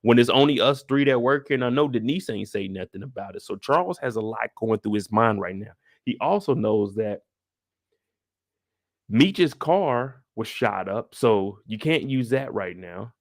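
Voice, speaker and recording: Animated man recapping a TV episode. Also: mid-range voice, no room sound, clean studio sound. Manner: animated, acts out characters in quick bursts. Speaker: show recap host.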